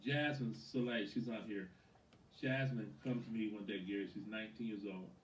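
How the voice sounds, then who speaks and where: A man who is a sales coach gives a lively motivational training talk, telling stories about clients and acting out their words. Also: on the low side, normal speed, slight background noise. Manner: animated storyteller, acts out quotes, addresses a listener by name. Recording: roomy echo from a distant mic.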